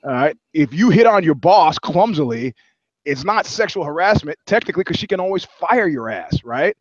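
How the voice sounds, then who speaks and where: A man with a fairly high voice tells rowdy stories on a podcast, acting out the voices of the people in them. The sound is dry and a little dull. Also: normal speed, no echo. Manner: animated storyteller, acts out quotes. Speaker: podcast co-host. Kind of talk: casual podcast banter.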